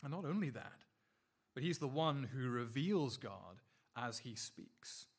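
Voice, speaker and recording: Man, sermon, earnest preacher, mid-range voice, halting restarts, drawn-out key phrases. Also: medium pitch, lively intonation, breathy edge. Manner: earnest, with many repeated words and restarts.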